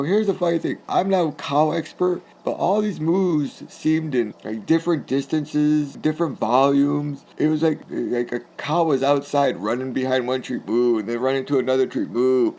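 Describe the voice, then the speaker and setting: Gravelly man from New England, chatty. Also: mid-range voice, mellow. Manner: chatty, rambling, laughs while telling. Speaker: storyteller. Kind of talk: casual spoken anecdote.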